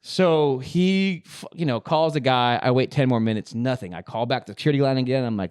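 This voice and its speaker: A man's voice: medium pitch, brisk, few pauses, clear, resonant tone, no echo, clean studio sound. A man hosting a podcast, telling a work story casually, swearing and acting out the other people's lines. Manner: animated, swearing, acts out dialogue. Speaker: podcast host.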